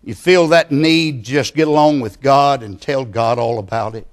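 A man preaching a sermon, speaking slowly and emphatically and building to loud passion. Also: medium pitch.

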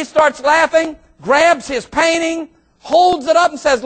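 Middle-aged male pastor, sermon storytelling, very high voice, animated, excitable. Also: slow pace. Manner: animated, excitable, breaks into shouts.

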